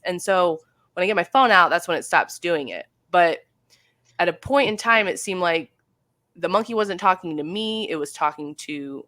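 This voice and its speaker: A woman's voice: deep voice, a bit bright, no echo. A woman in her thirties chatting casually as a guest, telling a long story with lots of "like" and "um", acting out what others said. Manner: chatty, full of fillers and acted-out quotes.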